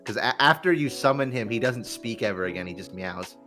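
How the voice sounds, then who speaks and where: A man chats on a gaming podcast in a bright, clear voice, trailing off and restarting as he jokes. Faint music plays underneath. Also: medium pitch, lively intonation, a little fast. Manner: rambling, joking, self-interrupting. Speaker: podcast co-host. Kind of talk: casual gaming chat.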